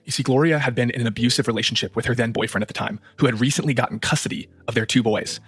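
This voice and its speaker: A man hosting a true-crime podcast, narrating in a brisk, scripted way. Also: mid-range voice, a bit bright, husky, no echo.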